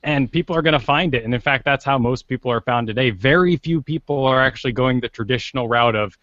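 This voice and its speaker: A young man talks shop about voice work in an easy, unhurried way. His voice sits at an ordinary pitch. The recording is dry and a little dull. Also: a bit bright, no echo. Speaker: voice actor guest. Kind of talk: casual podcast chat.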